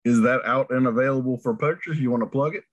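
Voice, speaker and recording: A man's voice: medium pitch, steady tone, fast, highs cut off. A man hosting an interview, asking short questions in a playful, upbeat way. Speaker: interview host. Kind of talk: rapid-fire interview questions.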